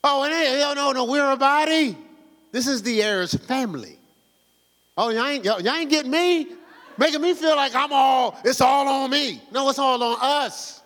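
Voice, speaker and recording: A man's voice: extremely high pitch, moderate pace, a bit bright, in a large hall. A male pastor preaching a sermon in a fervent, conversational, slangy way, exhorting his congregation.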